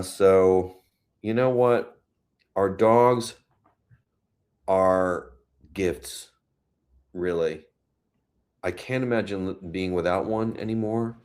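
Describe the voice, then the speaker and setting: A man's voice: deep voice, a little mellow. A man hosting a casual livestream from home, chatting and reading viewer comments aloud. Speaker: livestream host. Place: home, New York City.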